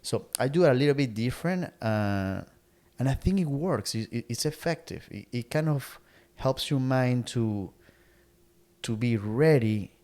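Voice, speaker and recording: A man's voice: mid-range voice, animated, unhurried, darkish tone. A middle-aged man co-hosting a podcast, speaking earnestly in casual motivational chat and repeating words as he searches for phrasing. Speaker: podcast co-host.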